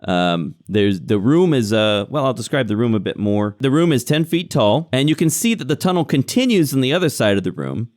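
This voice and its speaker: A man acting as game master, describing scenes and calling turns in an unhurried, descriptive way. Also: medium pitch, very animated, a little mellow, no echo, clean studio sound. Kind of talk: narrating a tabletop game.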